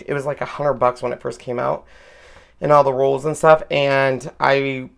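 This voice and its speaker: A loud, chatty woman co-hosting a live crafting stream, casually talking through a craft demo and getting excited about the results. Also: a bass voice.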